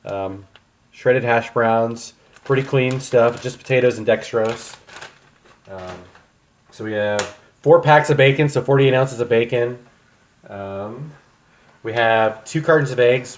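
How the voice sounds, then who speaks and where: Young man, casual livestream chat, home kitchen, rambling, lots of ums, mid-pitched. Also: a little hiss or hum. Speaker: streamer.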